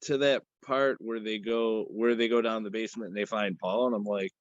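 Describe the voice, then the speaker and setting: A man's voice: lowish voice, fairly even intonation, moderate pace, no room sound, dull audio. A man co-hosting a podcast, loosely retelling a horror movie scene by scene. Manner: loose, rambling retelling with acted-out quotes. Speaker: podcast co-host. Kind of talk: casual film discussion.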